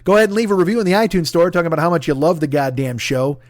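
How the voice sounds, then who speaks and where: A man's voice: fairly high pitch, steady tone, rapid-fire, no echo. A man in his forties hosting a podcast, talking casually with a profane, rambling, mock-boastful manner. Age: 40s. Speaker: podcast host. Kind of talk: casual comedic podcast plug.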